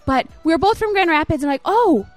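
High-voiced woman giving a children's message. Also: lively intonation, fast, faint music behind. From Michigan, USA. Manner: warm, encouraging, storytelling. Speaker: children's ministry leader.

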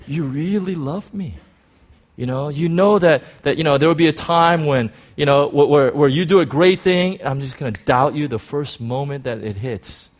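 A man preaching a sermon, telling a personal story in an excited, animated way with many restarts. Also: a little high, normal speed, few pauses.

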